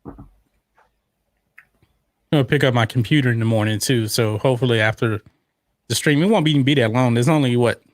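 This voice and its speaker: A man's voice: medium pitch, fairly quick, long pauses, dry recording. Man, podcast host, chatty, reads viewer comments, dry sound. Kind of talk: casual watch-along chat.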